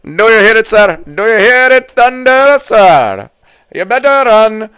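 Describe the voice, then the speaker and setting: A man's voice: high-pitched, very animated, a little slow, fairly bright tone, clean tone, pitched above the performer's own voice, heavily acted. A man putting on a goofy overeager voice that sings out and calls everyone sir.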